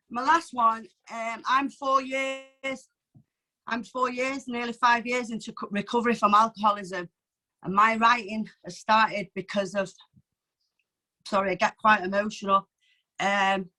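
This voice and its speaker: A woman's voice: mid-range voice, bright, forceful tone, rough recording. A woman sharing her own poems at an online open mic from home, chatty and open, often emotional, with lots of fillers. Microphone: video call.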